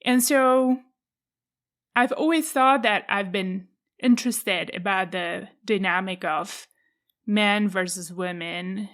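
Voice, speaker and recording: A woman with a Czech accent hosting a solo podcast, talking through her thoughts in a measured, reflective way. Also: mid-range voice, a bit bright. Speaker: podcast host.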